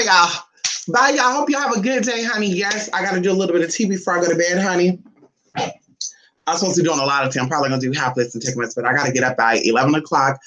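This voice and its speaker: A brash, sassy vlogger with a slightly bright voice swears freely and calls everyone "honey" in a casual, profane home vlog recorded indoors. Talking to the camera and to a pet dog, they jump to a high, squeaky voice when teasing the dog, picked up by a phone or camera set down nearby.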